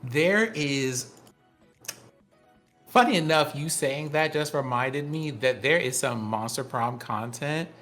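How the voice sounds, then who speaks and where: A man's voice: mid-range voice, takes it slowly, fairly bright tone, faint music behind. A man co-hosting a tech podcast in casual chat, explaining things at length with enthusiasm. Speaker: podcast co-host.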